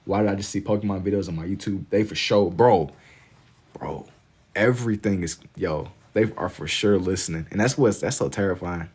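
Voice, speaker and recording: Young man, from Kentucky, low-ish voice, relaxed, slangy, casual stream talk, reads chat. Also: normal speed, breathy edge. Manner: laid-back and slangy, reading chat aloud. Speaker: livestreaming artist. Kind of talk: casual livestream chat while drawing.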